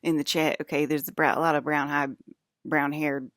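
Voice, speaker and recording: A woman's voice: sits low, level tone, moderate pace, fairly bright tone, no room sound, studio quality. A young woman streaming to her chat, rambling casually, giggling often and restarting her sentences with lots of fillers. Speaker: livestreamer talking to chat.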